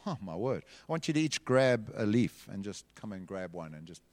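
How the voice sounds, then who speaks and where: A man's voice: on the low side, sing-song, moderate pace, darkish tone. A man leading a children's church group, telling a Bible story dramatically and directing the children to act it out. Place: large hall. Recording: long hall reverb.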